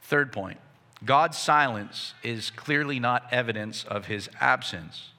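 A man preaching a sermon to his congregation, impassioned and building to near shouts. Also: mid-range voice, takes it slowly. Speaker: pastor. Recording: long reverb of a hall.

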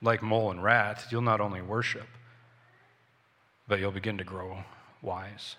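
A man's voice: on the low side, steady tone, measured pace, long pauses, bright, forceful tone. A man preaching a sermon earnestly, often repeating himself and correcting his words in a church. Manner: earnest, repetitive, self-correcting. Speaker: pastor. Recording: long hall reverb.

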